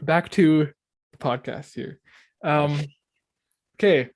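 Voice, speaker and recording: A young man hosting a casual podcast, easygoing, asking quick questions between laughs. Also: a little high. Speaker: podcast host. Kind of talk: casual chat.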